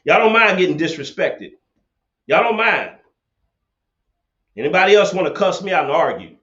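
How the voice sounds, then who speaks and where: A man's voice: on the high side, very animated, fast talker, bright, forceful tone. Confrontational man ranting on a livestream. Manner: confrontational, preachy, repeats himself. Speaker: livestream debate host. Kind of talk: livestream rant and call-in debate. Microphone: laptop webcam setup. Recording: echoey, dull lo-fi webcam audio.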